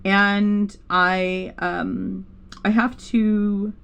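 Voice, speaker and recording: A woman's voice: mid-range voice, flat delivery, drawn-out words, creaky, fairly bright tone, clear, resonant tone. A woman teaching a digital painting class on a livestream, rambling and stopping herself often with fillers. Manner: rambling, self-interrupting, with many fillers. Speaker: art instructor. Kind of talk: live digital painting tutorial.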